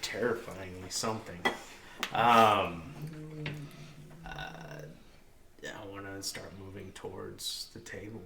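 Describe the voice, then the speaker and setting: A man's voice: on the low side, expressive, slow, gravelly, pauses often, distant mic. A man playing a tabletop game, talking hesitantly and unsure. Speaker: player. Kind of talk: casual tabletop play. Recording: echoey room, off-mic, some noise.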